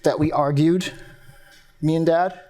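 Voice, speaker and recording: A flat, guarded young man answers questions in a matter-of-fact way, as an actor plays him. His voice sits a touch high for a man, and he gives little away. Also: a little slow, a crowd in the background, close to an everyday voice. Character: young man James questioned after killing his abusive father. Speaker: accused son. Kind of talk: stage play acting.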